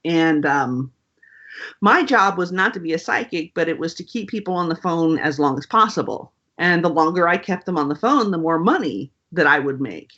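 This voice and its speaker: A woman's voice: fairly low pitch, moderate pace, lo-fi sound. A woman author, a guest in an interview, telling a story in a casual, wry way with plenty of fillers. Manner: animated, wry, lots of fillers.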